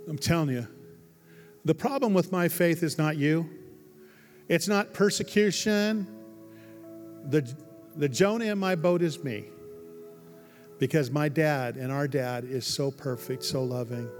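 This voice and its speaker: Emphatic pastor in a reverberant hall. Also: male voice, fairly high pitch, unhurried, long pauses, faint music behind. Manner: emphatic, swinging from hushed to loud. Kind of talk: sermon. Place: large church hall.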